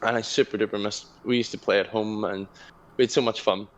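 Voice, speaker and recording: A man's voice: on the low side, fairly even intonation, a little fast, dull audio. A young man co-hosting a casual podcast chat, telling a story with energy, swearing and laughing often. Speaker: podcast co-host.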